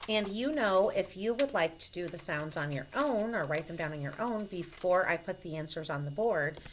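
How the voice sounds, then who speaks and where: A woman teacher giving a recorded phonics lesson to children, speaking slowly and patiently and spelling out each letter clearly. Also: fairly low pitch, lively intonation, a little hiss or hum, rough recording. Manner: slow, patient and clearly enunciated. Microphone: camera mic.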